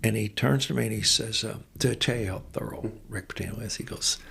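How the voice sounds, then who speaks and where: A man in his sixties, a basketball coach, telling animated stories as a podcast guest and getting amped up as he goes. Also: fairly low pitch, brisk, creaky, slightly rough. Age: 60s. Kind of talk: storytelling in an interview.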